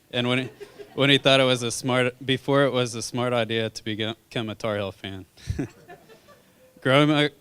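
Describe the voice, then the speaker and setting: A man's voice: mid-range voice, fairly bright tone, clear, resonant tone. A man in his thirties giving a best man's toast at a wedding reception, joking about the groom.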